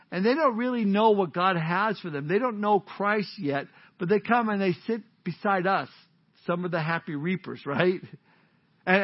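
High-voiced joking pastor preaching. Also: male voice, muffled recording. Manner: conversational, joking, warm-hearted. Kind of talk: sermon.

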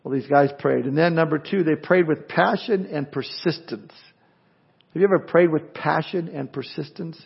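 A man's voice: fairly high pitch, normal speed, creaky, husky. A male pastor preaching a sermon in an earnest way, full of rhetorical questions and folksy humor, on a dull lo-fi recording.

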